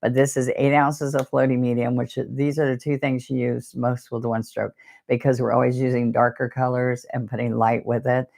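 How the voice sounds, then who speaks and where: A woman's voice: rumbling low, little pitch movement, moderate pace, gravelly, darkish tone. A woman teaching a live painting lesson, chatting and wandering off topic as she demonstrates each brushstroke. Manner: chatty, digressive, talks while demonstrating.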